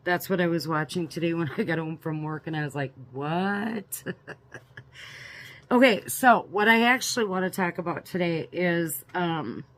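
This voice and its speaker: A middle-aged woman hosting a prepping channel, chatting casually in a ranting opinion vlog, laughing often and repeating words. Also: lowish voice.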